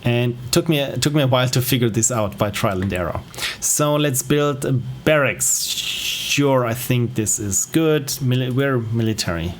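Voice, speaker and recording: A man giving relaxed, rambling gameplay commentary on a livestream, with self-deprecating asides. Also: medium pitch, moderate pace, hardly any pauses, slight background noise. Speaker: game streamer.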